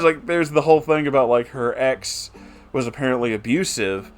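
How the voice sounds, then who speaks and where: A man's voice: medium pitch, moderate pace. A man hosting a casual, rambling commentary on a fan fiction he is reading. He sounds amused, fills his talk with "like" and "you know", and swears now and then.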